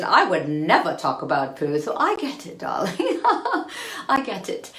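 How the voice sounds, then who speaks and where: A woman talks to her viewers on a phone livestream from a bathroom, and the small hard room gives her voice a clear echo. She speaks in a high, swooping voice, unhurried and affectionate, and calls everyone darling. She is playful and expressive, with easy laughs in her chat. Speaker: self-care vlogger. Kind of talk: live-streamed casual self-care talk. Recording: roomy, echoey bathroom sound.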